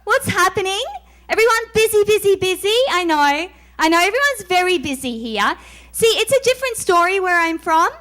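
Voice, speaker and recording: A woman's voice: very high-pitched, lively intonation, a little fast, fairly bright tone. An Australian woman doing a stand-up comedy set on stage, delivering sardonic, self-mocking punchlines.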